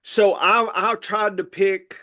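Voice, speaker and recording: A man's voice: high voice, fairly even intonation, slow, sharp tone. A man hosting a fantasy football podcast, rambling and joking in casual chat with his co-host. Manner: rambling, jokey, talks over his co-host.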